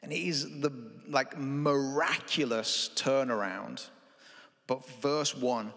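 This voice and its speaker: A young man preaching a conversational sermon, animated and chatty, often asking the congregation questions. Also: mid-range voice, slow pace, creaky. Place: church hall. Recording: reverberant hall.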